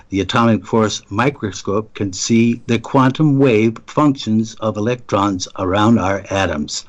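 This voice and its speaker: A man co-hosting a radio talk show, halting with restarts, then reading out science notes. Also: mid-range voice, dull audio.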